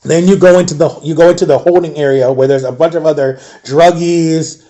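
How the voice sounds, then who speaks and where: Man, casual storyteller, rambling and animated, slightly high voice, warm tone. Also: fairly quick.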